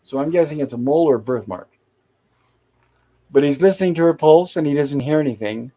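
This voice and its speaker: A man's voice: a little high, fairly quick, warm tone. A man hosting a show, casually retelling an old TV episode scene by scene. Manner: acts out quoted lines while recapping, chatty. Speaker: host.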